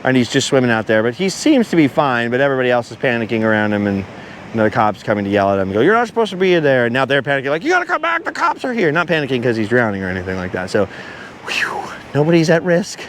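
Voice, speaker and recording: A man's voice: mid-range voice, very animated, quick pace, slight background noise. A man vlogging as he walks along a beach outdoors, talking at length and wandering off topic as he goes. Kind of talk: rambling walk-and-talk monologue.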